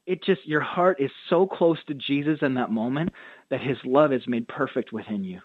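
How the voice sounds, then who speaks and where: A medium-pitched, slightly rough male voice moves at a normal speed over a tinny, echo-free phone line. The speaker, a pastor and author, is a radio interview guest who earnestly tells stories and acts out the quotes.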